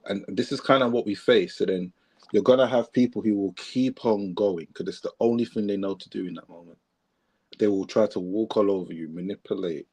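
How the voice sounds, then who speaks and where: A man's voice: fairly low pitch, mellow, slightly rough. A man co-hosting a podcast, commenting in a casual, reflective way with emphatic repeated phrases. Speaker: podcast co-host.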